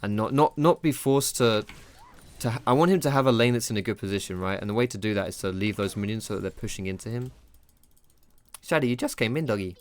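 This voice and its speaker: Low-voiced gamer ranting at himself. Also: male voice, quick pace, slight background noise. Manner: self-critical, swearing, rambling slang-filled chatter. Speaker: gaming streamer. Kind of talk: live gameplay commentary.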